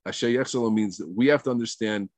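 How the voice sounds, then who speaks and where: A middle-aged man giving a casual Torah talk, mixing Hebrew phrases into English and swinging between soft asides and loud outbursts. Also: on the low side, quick pace, no echo. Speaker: Torah teacher.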